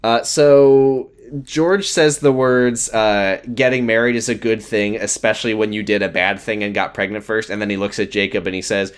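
A man's voice: on the low side, fairly even intonation, normal speed, clear, resonant tone. A man co-hosting a casual podcast who narrates a TV episode's plot with dry sarcasm. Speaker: podcast co-host. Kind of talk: casual chat recapping a TV episode.

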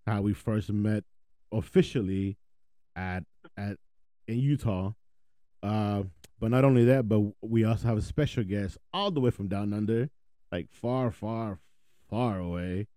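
A man's voice: lowish voice, measured pace, warm tone, no room sound, clean studio sound. A man hosting a podcast in casual, slangy chat from the United States, laughing easily. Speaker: podcast host.

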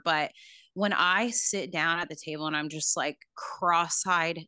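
Low, bright-voiced reflective woman. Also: fairly even intonation, measured pace, smooth, no room sound, studio quality. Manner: reflective and heartfelt, heavy on filler words. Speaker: new mother. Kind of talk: casual podcast conversation.

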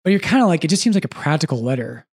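A man's voice: fairly high pitch, gravelly, husky. A man who is a priest and podcast host, chatting casually and with animation, often breaking off to correct himself. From United States. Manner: animated, quick asides, self-correcting.

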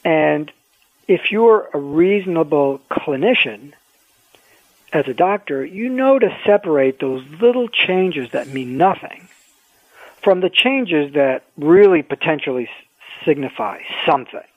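A man, an orthopedic surgeon, telling wry stories in a measured way as a guest in an interview. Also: on the high side, animated, no room sound. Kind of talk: phone-in interview, storytelling. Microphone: telephone. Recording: tinny phone line.

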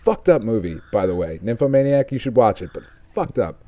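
A man's voice: on the low side, very animated, a little fast, dark tone. A man from Texas, a podcast host casually recapping a comic book in a loose, profane, rambling way. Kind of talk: casual chat.

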